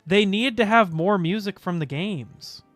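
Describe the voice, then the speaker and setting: A man streaming in a casual, chatty way, getting excited, gasping and humming little tunes. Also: high-pitched, a little slow, no echo, soft background music. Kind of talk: casual chat.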